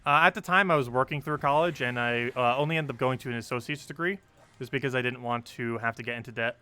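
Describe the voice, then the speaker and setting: A man's voice: mid-range voice, quick pace, pushed and bright, clean tone, soft background music. A young man chatting casually on a game live stream, reading chat and laughing often.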